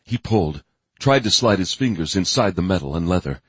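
A deep, husky male voice narrates a grim thriller, his delivery measured yet full of movement in pitch. The sound is close and dry, with no room around it. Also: lively intonation, no echo. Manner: measured storytelling with vivid emphasis. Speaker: audiobook narrator. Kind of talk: scripted narration of a dark thriller.

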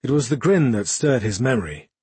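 A man reading a fantasy novel as an audiobook in a measured, even storytelling manner. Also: medium pitch, breathy edge, no room sound. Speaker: audiobook narrator. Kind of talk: scripted fantasy narration.

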